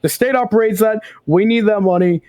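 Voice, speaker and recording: A man's voice: high voice, a little fast, darkish tone. A man playing a cop in casual roleplay chat, brash and boastful, talking over others. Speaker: police officer in roleplay.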